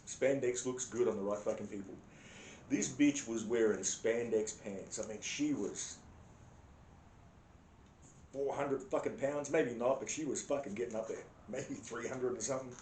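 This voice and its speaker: A blunt Australian man rattles off a crude comic monologue, swearing freely and dripping with sarcasm. His mid-pitched voice rings around a bare, echoey room with a faint low rumble underneath. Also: darkish tone. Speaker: comedic storyteller.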